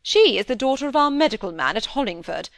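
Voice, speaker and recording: A woman's voice: on the high side, big pitch swings, fast, a bit bright, dry recording, pitched above the performer's own voice. A woman voicing a stern, imposing older aristocratic lady in a storybook reading. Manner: stern, firm.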